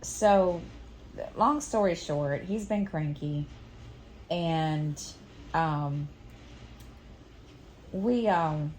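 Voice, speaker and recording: Slow, low-voiced middle-aged woman rambling. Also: a little mellow, a little hiss or hum. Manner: rambling and hesitant, many restarts. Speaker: stitching vlogger. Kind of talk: casual chat.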